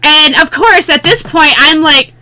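A woman's voice: high voice, a little slow, pushed and bright. A woman co-hosting a casual chat podcast, telling stories bluntly and with plenty of swearing. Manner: profane, blunt storytelling. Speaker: podcast co-host.

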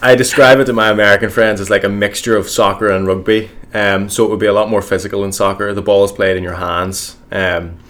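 Deep-voiced young Northern Irish man. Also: fast talker, hardly any pauses. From Northern Ireland. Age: young adult. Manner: relaxed, frequent ums, modest. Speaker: guest. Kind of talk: casual interview chat.

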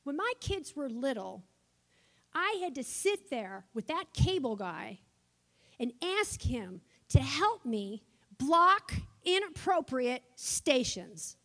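Woman preacher, high lively voice, unhurried, bright tone. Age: older. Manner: impassioned, swings from shouting to soft asides. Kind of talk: sermon.

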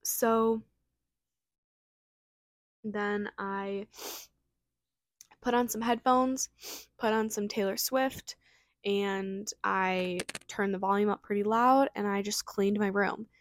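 Young woman, solo podcast host; fast, filler-heavy casual chat; dry close mic, mid pitch. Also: steady tone, no room sound. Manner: fast, chatty, lots of fillers.

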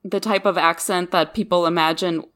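A woman from the Midwest whose first language was not English talks on a casual podcast in a slightly low voice. She tells stories in an animated, chatty way. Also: normal speed. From Midwest of the United States. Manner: chatty, animated storytelling with laughs. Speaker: podcast co-host. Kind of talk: casual chat.

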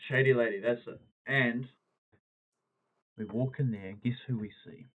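Over a thin, phone-like recording, a man spins a casual story, jumping into the lines people said along the way. His voice sits at an ordinary middle pitch, and the delivery stays loose and conversational. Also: normal speed, breathy edge. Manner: animated anecdote-telling, acting out quoted lines. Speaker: podcast host. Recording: tinny phone-like audio.

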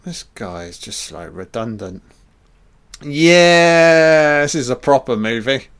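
A man's voice: lowish voice, lively intonation, normal speed. A man giving a casual, profane and sarcastic commentary over a film. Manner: profane, sarcastic riffing on the scenes.

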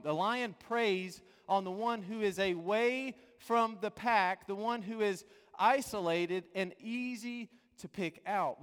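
A man preaching a sermon as a pastor, earnest and pleading, dropping from loud to hushed. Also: high-pitched, long reverb tail.

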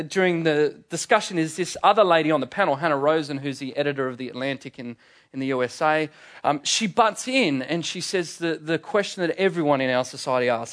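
A man's voice: fairly high pitch, a bit bright. Earnest man preaching a sermon. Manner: earnest, emphatic preaching with frequent fillers.

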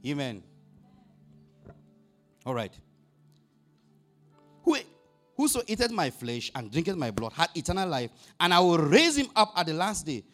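A man's voice: a little high, big pitch swings, normal speed, soft background music. A male pastor preaching a sermon, asking the congregation questions and rising to emphatic bursts on scripture.

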